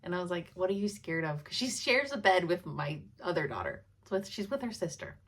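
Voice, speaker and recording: A woman's voice: on the low side, big pitch swings, fairly quick. A woman in her thirties chatting casually to her viewers as a cross-stitch vlogger, laughing often as she tells stories. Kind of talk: casual chat.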